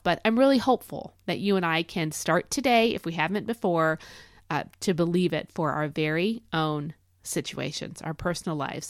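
A middle-aged woman with a lowish voice hosts a devotional podcast, reading Bible verses to her listeners with earnest emphasis. Her delivery is emphatic, lively, and encouraging, captured in a dry recording with clean studio sound.

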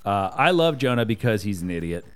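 A man's voice: lowish voice, very animated, fairly quick, clean tone. A man, a parent and podcast co-host, chatting casually and thoughtfully about Bible stories, rambling with fillers and restarts.

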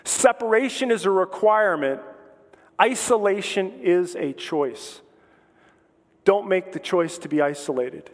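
A man preaching a sermon as pastor, with impassioned, repetitive exhortations that build up and then soften into prayer. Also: sits high, measured pace, big-room sound.

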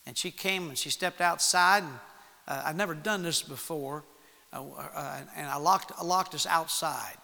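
A man preaching, telling a personal story to young people in an animated way and acting out the voices in it. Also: fairly high pitch, normal speed, creaky. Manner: animated storytelling with acted-out quotes. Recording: long hall reverb.

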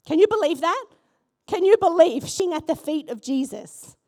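A woman pastor preaching a sermon in church, animated and asking the congregation questions. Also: very high-pitched, moderate pace.

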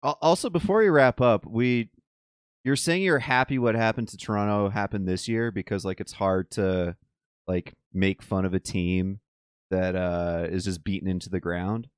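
A man's voice: lowish voice, fairly even intonation, normal speed, clean tone, no echo, clean studio sound. A man hosting a podcast, asking questions in a hesitant, casual way. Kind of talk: casual chat.

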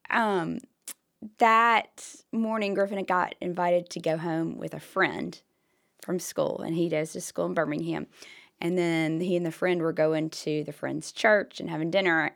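A woman with a hoarse voice, co-hosting a podcast and telling a story in animated casual chat with whispered asides. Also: lowish voice. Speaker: podcast co-host.

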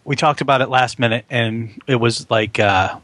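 A man's voice: medium pitch, moderate pace, no room sound. Chatty man discussing a film. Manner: relaxed, chatty, many fillers. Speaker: podcast co-host.

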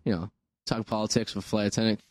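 A man's voice: fairly low pitch, level tone, quick pace, a little mellow, no echo. A young man co-hosting a radio show, joking and rambling crudely. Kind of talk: casual banter radio talk.

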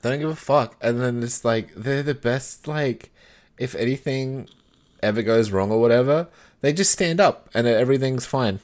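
A man's voice: mid-range voice, moderate pace, darkish tone. A man chatting as a podcast co-host, laid-back, sweary and joking. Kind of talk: casual chat.

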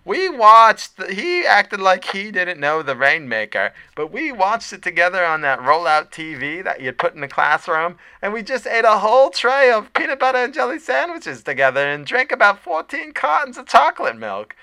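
A man putting on the voice of a doting, flirty middle-aged lunch lady, high and sugary. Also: big pitch swings, normal speed, hardly any pauses, bright, forceful tone, clear, resonant tone, no echo, exaggerated voice. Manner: sugary, fawning, teasing.

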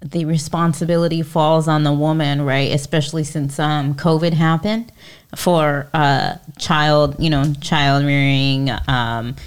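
Low-voiced woman in casual podcast chat. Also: fairly even intonation, a little slow, smooth. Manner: hesitant, with fillers and restarts. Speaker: podcast co-host.

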